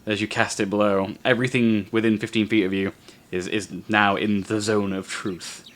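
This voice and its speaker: A man running a tabletop game as game master, explaining rules and narrating in a relaxed, halting way. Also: fairly low pitch, a little hiss or hum.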